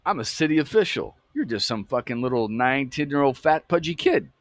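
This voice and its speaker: A man's voice: medium pitch, expressive, a little fast, dry recording, lightly acted. A man voicing a male authority figure who sneers and curses at a child. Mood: sneering. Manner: taunting, contemptuous, cursing.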